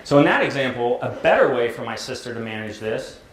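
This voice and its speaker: A middle-aged American man, a therapist, giving a conversational, jokey talk to high school students and often asking "right?". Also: animated, a little fast, slight background noise. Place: large echoey school hall. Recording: roomy hall with faint ambience.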